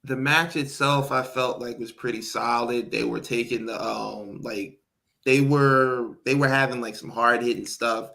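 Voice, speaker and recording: A podcast co-host chats casually, animatedly recapping a wrestling match and acting out what people said. His voice is gravelly and medium-pitched, and he speaks a little slowly.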